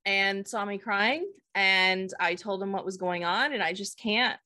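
A woman co-hosting a casual chat, telling school stories in a blunt, animated way with casual swearing. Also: mid-range voice, unhurried. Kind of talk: casual chat, personal storytelling.

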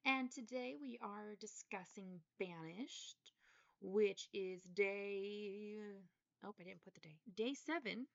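A woman co-hosts a casual book podcast, steering the talk with eager enthusiasm. Her voice has a gravelly fry to it. The recording is dry and dull, with a lo-fi sound. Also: medium pitch, takes it slowly, no echo. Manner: enthusiastic, leads the discussion. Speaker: podcast co-host.

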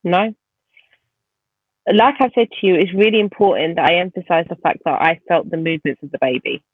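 A woman's voice: on the low side, fairly quick, no room sound. A woman guest vividly retelling a painful personal story in conversation, speaking animatedly. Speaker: podcast guest. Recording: tinny phone-like line.

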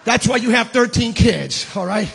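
Man, middle-aged pastor, high voice, husky tone, lively sermon, casual with congregation. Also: moderate pace. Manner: animated preaching, dropping to a hush for storytelling; addresses the congregation casually, calling them "baby". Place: church service.

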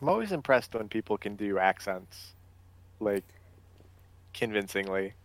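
A man's voice: fairly low pitch, big pitch swings, measured pace, no room sound. Dry-humored man in casual chat.

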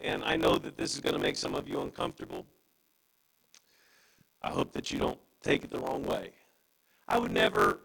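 Gravelly impassioned pastor preaching. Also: male voice, a bit bright, poor audio. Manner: impassioned preaching with wide pitch swings. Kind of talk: sermon.

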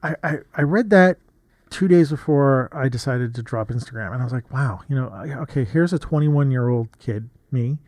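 A man's voice: medium pitch, moderate pace, a little mellow, dry recording. A man in his fifties, a photographer, talking casually and reflectively, rambling with frequent restarts and asides as he reads from an old journal. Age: 50s.

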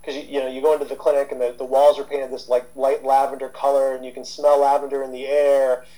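A man in his fifties speaks as an interview guest, his voice dark and mellow. He rambles through his points in a relaxed way, full of "um"s and restarts, sounding like a seasoned therapist. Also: mid-range voice, fast, rough recording. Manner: rambling, with many fillers and restarts. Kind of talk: casual interview talk.

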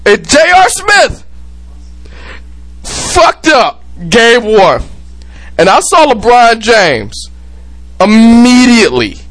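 A man's voice: very high-pitched, slow, long pauses. A man hosting a sports podcast, ranting loosely and profanely with whiskey on hand, drifting into impressions. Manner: animated, profane, ranting, mimics people. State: drinking whiskey. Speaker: podcast host. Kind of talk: casual sports chat.

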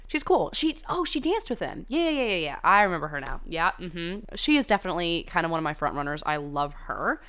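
A young woman talks in a relaxed, gossipy way, peppering her speech with "like" and the odd curse word. Her voice sits fairly low and comes across smooth and clear. She rambles off on tangents in a loose podcast-chat style. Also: a little fast, few pauses. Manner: chatty, gossipy and profane, frequent "like" fillers and tangents. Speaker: podcast host reviewing a reality dating show. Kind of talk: casual chat.

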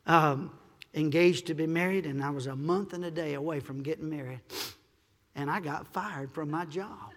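A male pastor preaches a storytelling sermon in a high, gravelly, bright-edged voice, emphatic as he acts out the people in his stories and rises to loud peaks. His voice rings with a long hall reverb.

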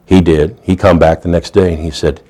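Man preaching, loud to hushed. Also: deep voice, brisk. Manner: animated preaching, swinging from loud emphasis to hushed asides; folksy storytelling with repeated restarts. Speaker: pastor. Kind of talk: sermon.

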